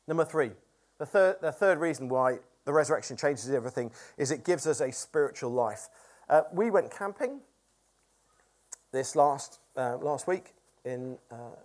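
A man's voice: a little high, animated, normal speed, darkish tone. A man preaching a conversational sermon who asks the congregation questions. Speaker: pastor.

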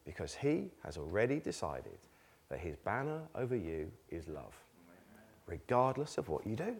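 A man's voice: low voice, sing-song, moderate pace, creaky, slightly rough. A man preaching a conversational sermon, asking rhetorical questions and laughing between points. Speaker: pastor.

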